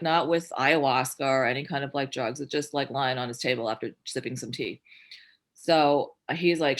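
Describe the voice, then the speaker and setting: A woman filmmaker from Newark, New Jersey, USA, speaks in an extremely low voice as a guest in a candid interview conversation. She's blunt and swears freely, telling animated stories and voicing the quotes within them.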